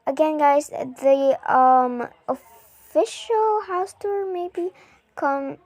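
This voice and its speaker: Young woman, high-pitched, unhurried, rambling, filler-heavy casual game commentary. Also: no room sound. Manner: rambling, lots of fillers, excitable gasps. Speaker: gaming vlogger.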